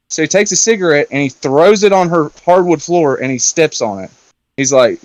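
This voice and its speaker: Chatty man recounting a film plot, fillers and casual swearing, fairly high voice, dry close sound. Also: animated, brisk, dry recording. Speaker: round-table discussion guest.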